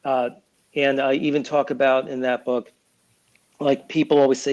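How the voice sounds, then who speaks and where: A man's voice: medium pitch, flat delivery, normal speed, darkish tone, rough recording. A man guest on an interview podcast, talking casually with many fillers and restarts. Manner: acts out quotes in other voices. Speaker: guest, lawyer and children's author.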